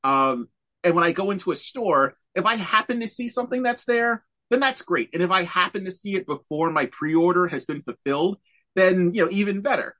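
Animated man on a video call. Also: sits high, a little fast. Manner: animated, laughs often. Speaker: podcast co-host. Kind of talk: casual chat.

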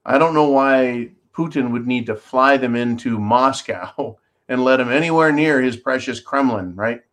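A man's voice: mid-range voice, a little slow, a bit bright. A man hosting a call-in style commentary show, reading out viewer comments and ranting sarcastically, swearing freely as he rambles. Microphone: holds objects up to a camera while talking.

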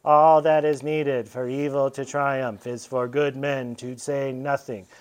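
A man doing a slow, grave old priest. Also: medium pitch, level tone, smooth, natural voice. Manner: slow, deliberate quoting. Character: calm older male priest, grave and measured.

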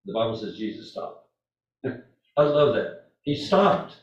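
An older man preaching a sermon, speaking earnestly and repeating himself, with lively storytelling. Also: mid-range voice, slow pace. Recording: echoey hall from far off, dull.

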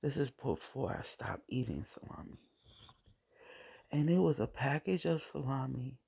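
Very husky, gravelly woman speaking slowly. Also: very deep voice, lively intonation, warm tone. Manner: repeats phrases for emphasis, drifts into whispers. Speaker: vlogger sharing her faith. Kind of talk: personal testimony vlog.

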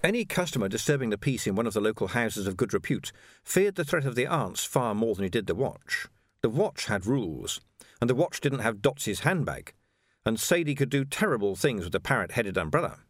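A male audiobook narrator reads a novel with expressive, animated storytelling. His voice sits in a middle pitch and moves in a very lively way. The recording is dry and close to the mic. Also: a little fast, dry recording. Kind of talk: scripted narration.

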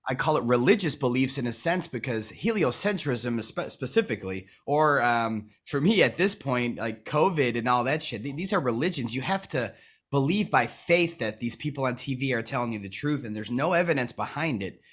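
Excitable swearing podcast host. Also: male voice, mid-range voice, normal speed, slightly rough. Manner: excitable, swears freely, trails off and restarts. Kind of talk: casual podcast talk.

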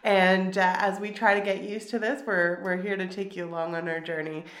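A woman's voice: medium pitch, level tone, a little fast, fairly bright tone. Woman, podcast co-host, nasal from a cold, bubbly, chatty, echoey room. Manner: bubbly, chatty, many restarts and fillers. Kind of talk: casual podcast chat.

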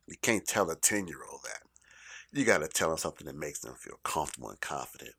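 A middle-aged man telling a stand-up comedy story in an animated, profane way, swinging between loud bursts and quiet asides. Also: extremely low pitch, fast talker, vocal fry, husky.

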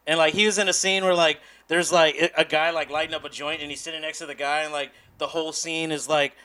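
Fast-talking bright man. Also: on the high side, fairly even intonation, smooth. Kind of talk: casual chat.

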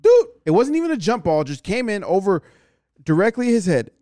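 A man's voice: big pitch swings, warm tone, no room sound, studio quality. Young man with a wildly swinging voice. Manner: teasing, jumps between pitches, quick laughs. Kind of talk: casual sports debate.

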